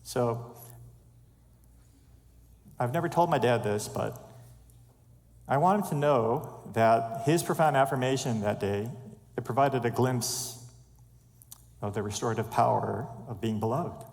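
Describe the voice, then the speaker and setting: Man, church speaker, measured heartfelt testimony, mid-range voice, reverberant sanctuary. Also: medium pitch, vocal fry, a little mellow. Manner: earnest and measured, fighting back tears. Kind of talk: personal testimony sermon.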